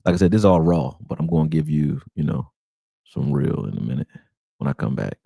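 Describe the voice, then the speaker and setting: A young man with a rumbling low, husky, creaky voice speaks at a moderate pace with long pauses, hosting a casual, profane football film breakdown directly for viewers. Animated and exasperated, he calls them y'all. The dry, studio-quality recording comes from a close desktop mic while screen sharing.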